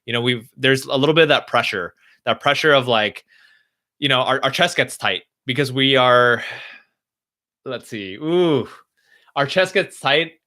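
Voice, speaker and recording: Bright-voiced man reassuring a live chat. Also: mid-range voice, unhurried. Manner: gentle, reassuring, thinks aloud with restarts. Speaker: motivational speaker answering live chat. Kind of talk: casual live-stream Q&A.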